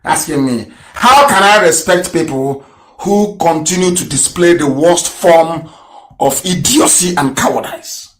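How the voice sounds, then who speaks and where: A man with a high-pitched voice hosts a fiery political broadcast. He hammers away with rhetorical questions, rising to shouts and then dropping to low mutters. The recording has a roomy echo around him. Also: a little slow. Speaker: radio broadcaster.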